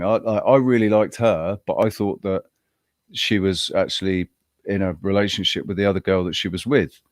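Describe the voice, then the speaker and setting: A man co-hosting a podcast, telling a personal story in a rambling, halting way with frequent restarts. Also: sits low, steady tone, dry recording, clean studio sound. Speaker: podcast co-host. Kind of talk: casual chat.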